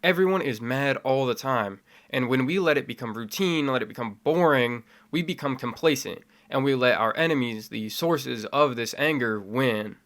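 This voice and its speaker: A young man talking to camera in a spoken opinion essay, measured at first and building to impassioned, fiery delivery. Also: medium pitch, animated, fairly bright tone. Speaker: video essayist.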